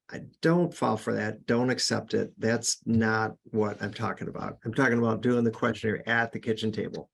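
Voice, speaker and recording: A man's voice: mid-range voice, moderate pace, creaky, few pauses. A man hosting a podcast, giving earnest, casual sales coaching with frequent restarts. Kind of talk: casual instructional talk.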